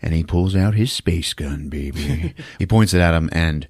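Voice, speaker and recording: A man hosting a podcast, giving an animated comedic movie recap, laughing often and acting out scenes with sound effects. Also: very deep voice, moderate pace, breathy edge, dry recording, clean studio sound. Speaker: podcast host.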